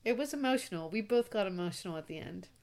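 A woman in her forties co-hosting a casual movie review podcast, chatty and animated, with frequent "like" fillers. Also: mid-range voice, fast. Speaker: podcast co-host.

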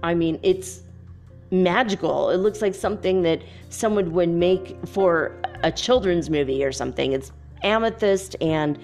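A woman's voice: measured pace, a little mellow, soft background music. A young woman telling a story in a casual monologue, dreamy and full of "like" fillers. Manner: dreamy, many "like" fillers, quotes others in a higher voice. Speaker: spiritual vlogger.

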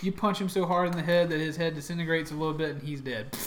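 A man's voice: fairly high pitch, fast, echoey room, noisy background. A man running a tabletop game as game master, narrating loosely with lots of fillers. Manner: loose, chatty narration with fillers and shouted character cries.

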